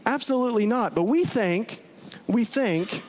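Animated preacher, man. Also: very high-pitched, measured pace. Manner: conversational, animated, rhetorical questions. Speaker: pastor. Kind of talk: sermon.

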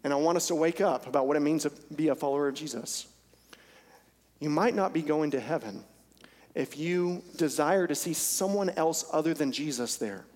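A man's voice: fairly high pitch, moderate pace, a little mellow. A male pastor preaching a sermon in a church service, earnest and intense, repeating phrases for emphasis. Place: church sanctuary during a service. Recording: long church hall reverb.

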